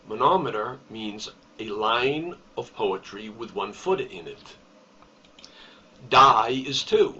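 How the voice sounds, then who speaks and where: Slow, deliberate male teacher, distant lo-fi sound. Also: fairly low pitch, bright, forceful tone, a little hiss or hum. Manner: slow, deliberate explaining with emphasis on key terms. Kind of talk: recorded poetry lesson. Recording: distant, dull lo-fi recording.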